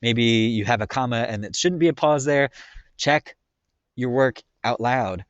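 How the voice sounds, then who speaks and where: A man's voice: mid-range voice, a little slow, no echo, dull audio. A man teaching a slideshow grammar lesson in a casual way, full of ums and frequent checks of "right?". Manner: casual, filler-heavy explaining with frequent "right?".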